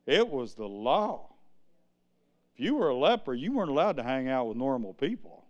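A male preacher giving an exuberant sermon, breaking into sudden shouts and asking the congregation to answer him. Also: mid-range voice, sing-song, moderate pace, lo-fi sound.

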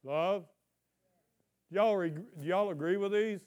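Heard on a muffled recording, a pastor with a high, slightly mellow voice delivers a sermon in church. He engages the congregation with called-out questions and reads scripture in a drawn-out, emphatic way.

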